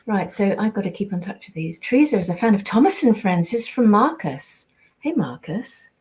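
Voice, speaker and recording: A woman's voice: mid-range voice, big pitch swings, fairly quick, darkish tone. Chatty older woman on livestream. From born in the US, raised in England from age seven. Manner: chatty and rambling, full of ums and restarts. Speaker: voice actress signing prints for fans. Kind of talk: casual livestream chat reading fan messages.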